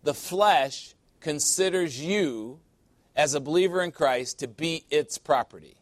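A man's voice: on the high side, a little slow, no echo. A man preaching a sermon in an emphatic, conversational way, with sudden playful asides.

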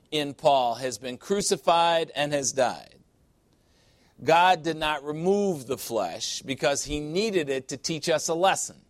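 A man's voice: fairly high pitch, no room sound. Emphatic male preacher, dry sound. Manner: emphatic, with sudden sassy asides. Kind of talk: sermon.

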